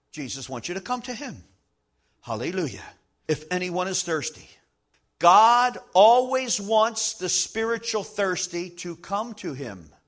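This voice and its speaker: High-pitched guy preaching, really emphatic, slows way down on the big lines. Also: fairly bright tone. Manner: emphatic preacher, slows for stress, acts out little scenes. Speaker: pastor. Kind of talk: sermon.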